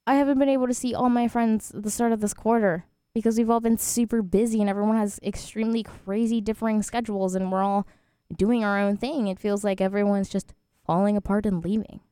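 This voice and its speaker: A woman's voice: mid-range voice, steady tone, a little fast, warm tone, smooth, no room sound, studio quality. A twenty-year-old woman hosting a student radio show, chatting casually and rambling with frequent laughs. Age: 20s.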